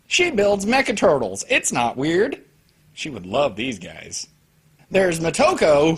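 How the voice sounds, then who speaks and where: A young man giving a casual, profane and sarcastic anime review, now and then bursting loud as he mimics characters. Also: on the high side.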